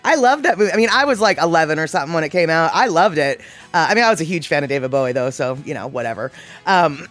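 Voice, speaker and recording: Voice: mid-range voice, a bit bright. A livestream host in their forties chatting casually and reading viewer comments aloud, playfully exasperated.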